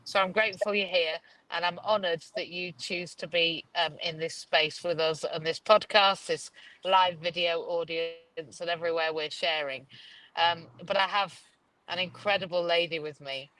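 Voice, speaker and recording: A woman's voice: fairly low pitch, fairly even intonation, moderate pace, bright, forceful tone, rough recording. A woman with a Yorkshire accent hosting a live video chat, gushing and rambling with many restarts, talking over a video call. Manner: rambling, effusive, restarts often. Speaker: host. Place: Dubai.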